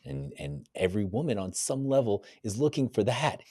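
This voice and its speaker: A man with a very deep voice talks as a guest on a podcast, laying out ideas in a reflective, explanatory way. He often checks in with his listener as he speaks. The recording is dry and close-miked. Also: sing-song, moderate pace, darkish tone, no room sound. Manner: reflective, explaining ideas with frequent "you know" and "right?". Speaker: men's coach, podcast guest. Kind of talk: casual podcast conversation.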